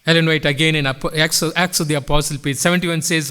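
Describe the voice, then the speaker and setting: A middle-aged man preaching a sermon in church, with sweeping swells and drops in pitch and loudness. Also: steady tone, quick pace, hardly any pauses, clear, resonant tone. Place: church sanctuary.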